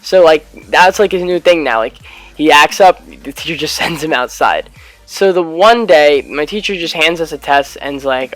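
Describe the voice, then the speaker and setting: A man's voice: a little high, lively intonation, normal speed, a bit bright, no room sound, soft background music. A teenage boy telling a school story in a casual vlog, rambling with lots of filler words and swearing. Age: late teens, high school student. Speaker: YouTube gaming vlogger.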